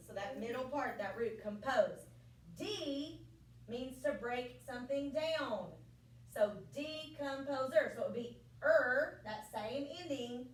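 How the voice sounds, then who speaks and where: A woman teacher giving a lively science lesson to children in a classroom, often checking with them. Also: high-pitched. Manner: lively, playful, asks frequent check questions. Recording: echoey classroom from far off, faint room noise.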